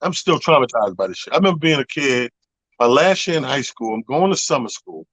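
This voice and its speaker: A man co-hosting a radio talk show, telling a profane, animated story in casual chat. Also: medium pitch, fairly quick, no echo, low-quality recording. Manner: animated, profane, acts out other people's voices. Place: radio studio. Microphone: studio microphone.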